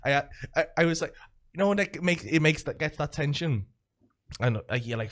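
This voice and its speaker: A man's voice: fairly high pitch, expressive, moderate pace, fairly bright tone. Work as a male comedian hosting a podcast, telling a long anecdote in a loose, rambling, heavily sweary way full of restarts. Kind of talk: casual chat, storytelling.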